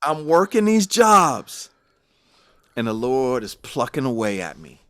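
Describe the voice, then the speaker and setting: A man, a gospel musician, telling personal stories in an animated, emphatic way during a conversation. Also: mid-range voice, a little slow, clean tone. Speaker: gospel musician and podcast guest.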